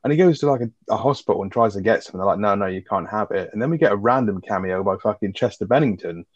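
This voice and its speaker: Male co-host, low voice, quick sweary rambling, lo-fi dry recording. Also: slightly rough, no echo. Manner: rapid, sweary, rambling with fillers. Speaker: podcast co-host. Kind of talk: casual film chat. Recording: dull lo-fi audio.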